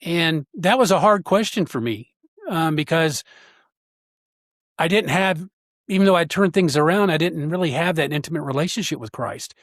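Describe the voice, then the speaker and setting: A man, a podcast guest, telling a personal story in an earnest, halting way with frequent pauses. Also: a little high, no room sound, studio quality.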